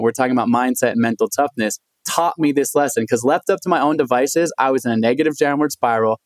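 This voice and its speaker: A man talks fast and with energy. He acts out the people in his story as he tells it. The recording is dry and close. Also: mid-range voice, no echo. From United States. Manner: animated storyteller, acts out quoted voices. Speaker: guest, endurance athlete and author. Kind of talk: storytelling in a podcast interview.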